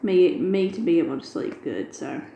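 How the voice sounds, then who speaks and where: A woman's voice: lowish voice, moderate pace, gravelly, dark tone, echoey room, a little hiss or hum, rough recording. Chatty woman telling a rambling story. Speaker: craft video host. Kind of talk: casual chat while diamond painting.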